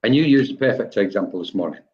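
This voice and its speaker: A man's voice: on the low side, expressive, fast talker, darkish tone, muffled recording. A man co-hosting a live online spiritual discussion over a video call, talking in a rambling, reflective way with frequent restarts. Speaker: co-host of a spiritual talk.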